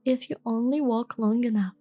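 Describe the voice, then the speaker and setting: A woman voicing a calm, teasing, riddling cat in a soft whispered role-play, speaking slowly and knowingly. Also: a little high, soft background music, natural voice.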